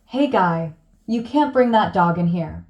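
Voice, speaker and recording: A man's voice: high-pitched, expressive, unhurried, dull audio, exaggerated voice. A woman voicing a blunt male barkeep who turns sarcastic. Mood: stern. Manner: gruff, sarcastic.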